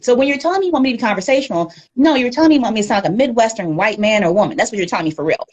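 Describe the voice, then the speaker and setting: A woman speaking as a guest in a casual livestream interview, candid and animated, often laughing, on a phone or webcam mic. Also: fairly high pitch, very fast, hardly any pauses. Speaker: guest media professional.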